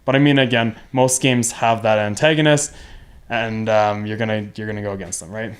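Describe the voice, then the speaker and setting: A man's voice: lowish voice, steady tone, brisk. A young man co-hosting a gaming podcast in casual chat, rambling and correcting himself as he goes. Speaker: podcast co-host.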